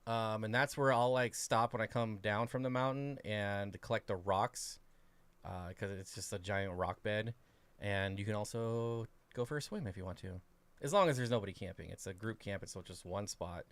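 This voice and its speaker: A man with a fairly low voice chats loosely on a fishkeeping livestream. He rambles along, filling the gaps with "uh" and "um". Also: moderate pace, clear, resonant tone, dry recording. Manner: relaxed, rambling, lots of fillers. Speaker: co-host of an aquarium livestream. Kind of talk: casual livestream chat.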